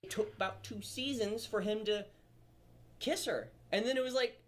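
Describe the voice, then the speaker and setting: A man's voice: high-pitched, normal speed, a bit bright, slight background noise. A man giving opinionated video commentary, rambling and stumbling over his words.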